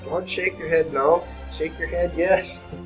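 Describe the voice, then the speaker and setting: A man's voice: a little high, fairly even intonation, unhurried, poor audio. A man delivering a chemistry lecture in a classroom. He speaks in a casual, conversational way and often turns to ask his students questions. Faint music plays underneath.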